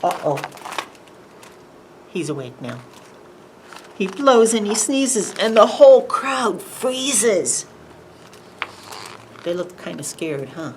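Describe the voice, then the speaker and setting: Animated woman reading storytime. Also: mid-range voice, slow, pauses often, a little hiss or hum, rough recording. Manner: animated, sing-song, asks children questions. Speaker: children's librarian. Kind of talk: preschool storytime read-aloud.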